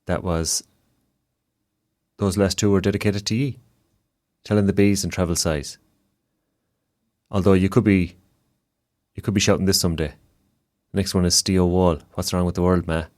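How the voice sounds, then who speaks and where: A man's voice: deep voice, darkish tone. An Irish man hosting a music radio show, chatting easily between songs and dropping in Irish-language phrases.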